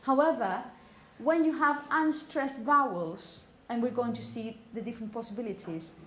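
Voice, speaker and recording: A woman teaching a pronunciation class, calling on students and asking "okay?" often, and repeating words slowly. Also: fairly high pitch. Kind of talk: classroom phonetics lesson.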